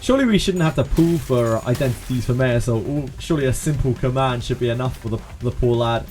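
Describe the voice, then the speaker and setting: A man from Cornwall talks a little fast in a medium-pitched, darkish voice with a Cornish accent, soft music playing in the background. He gives chatty gameplay commentary on stream, often laughing and singing snippets of sea shanties.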